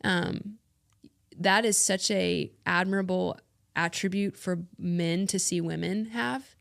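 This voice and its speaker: A woman's voice: fairly low pitch, fairly even intonation, takes it slowly, gravelly, fairly bright tone, no room sound, clean studio sound. A woman co-hosting a podcast, chatting casually and earnestly with friends, affirming them and laughing often. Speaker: podcast co-host. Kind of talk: casual chat among friends.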